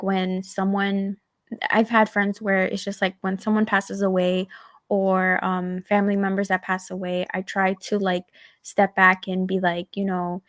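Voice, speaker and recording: A woman's voice: medium pitch, no room sound, studio quality. A woman co-hosting a casual podcast chat, rambling with lots of fillers and getting emphatic. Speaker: podcast co-host.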